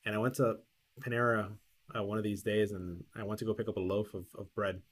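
Telling a long story on a podcast he co-hosts, this man speaks briskly in a lowish, fairly bright voice that barely moves in pitch. The chat is casual and full of restarts and acted-out quotes, with slight background noise.

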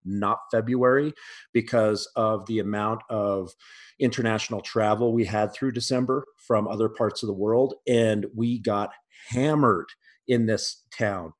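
A man on a podcast, talking casually in a blunt, profane way with frequent restarts. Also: on the low side. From United States.

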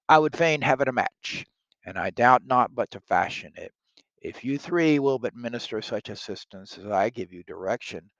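A man's voice: medium pitch, dry recording, highs cut off, lightly acted. A man reading aloud the part of a genial nobleman prince who plays matchmaker, declaiming his lines.

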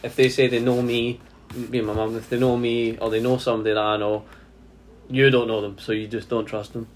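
A man's voice: medium pitch, flat delivery, brisk, slight background noise. A young man with a Glasgow accent co-hosting a casual podcast, laid-back and swearing casually. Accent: Glaswegian. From Scotland. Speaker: podcast co-host. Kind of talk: casual chat.

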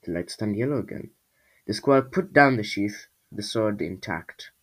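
A man's voice: fairly low pitch, animated, moderate pace, low-quality recording. A man reading his own storybook aloud in a casual way, breaking off for jokey asides to his listeners. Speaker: storybook reader.

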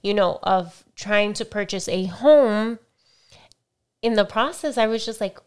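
A woman in her thirties co-hosting a casual faith-based podcast, earnest and reflective, sometimes soft-spoken. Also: mid-range voice, a little slow, smooth. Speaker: podcast co-host.

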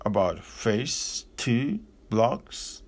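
A man voicing a gruff, brusque traveler from Berlin who barks out directions and orders. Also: on the low side, animated, extremely slow, full character voice. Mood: curt. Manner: curt, barking orders.

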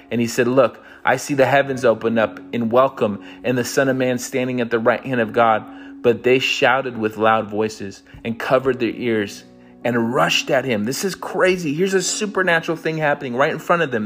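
A man's voice: medium pitch, fairly bright tone. A man hosting a podcast Bible study, teaching in an emphatic, conversational way and often asking "right?".

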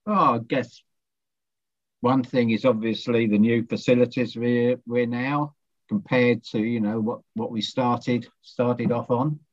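A man's voice: medium pitch, fairly even intonation, a little slow, dull audio. A man in his seventies, a long-time club member, reminiscing casually in brief, understated replies.

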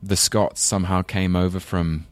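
A man in his thirties with a London accent talks loosely as an interview guest, drifting between thoughts and laughing at his own stories. His voice sits very low. The sound is close and dry. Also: flat delivery, normal speed, dry recording. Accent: London English. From England. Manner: rambling, self-deprecating, laughs often. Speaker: actor guest. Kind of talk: casual interview chat.

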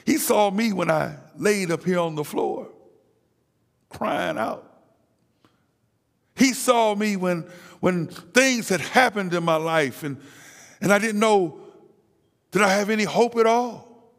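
A man preaching an impassioned sermon, dropping to a hush and then crying out, often repeating words. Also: high-pitched, animated, slow pace, vocal fry, long pauses, big-room sound.

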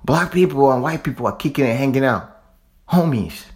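A man's voice: medium pitch, animated, normal speed, darkish tone. A man from Africa giving a fervent, repetitive monologue, swearing casually as he preaches. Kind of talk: impassioned monologue.

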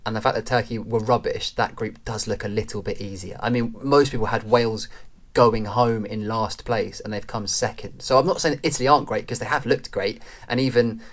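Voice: medium pitch, steady tone, brisk. A podcast co-host arguing football points with animation and quoting fans in mock voices. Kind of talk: casual football podcast chat.

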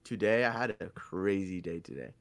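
A man co-hosting a casual podcast, telling stories in an animated, slangy way. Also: sits low, normal speed. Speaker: podcast co-host.

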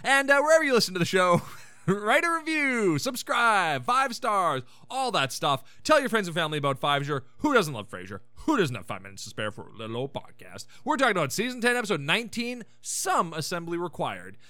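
A man's voice: high voice, very animated, fairly quick, hardly any pauses, bright, forceful tone, no room sound. A man hosting a podcast, recapping an episode in a casual, irreverent way and swearing freely. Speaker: podcast host.

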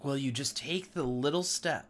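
A man's voice: medium pitch, normal speed, fairly bright tone. A man in his thirties hosting a devotional talk, sharing an earnest, emotional testimony. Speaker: podcast host.

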